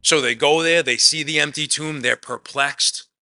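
A man preaching a conversational sermon, swinging between emphatic loud lines and quiet asides, often dropping "man" into his talk. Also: fairly high pitch, moderate pace. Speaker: pastor.

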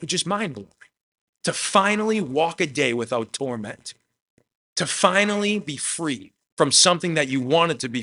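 A man preaching a sermon, telling a Bible story with animated swings from hushed to loud, often adding "man". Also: mid-range voice. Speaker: pastor.

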